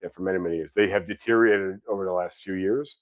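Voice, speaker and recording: A man's voice: sits low, fairly even intonation, quick pace, dry recording, narrow, tinny audio. A man in his thirties with a New York accent, hosting a casual chat, rambling with repeated words and casual swearing. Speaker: podcast host.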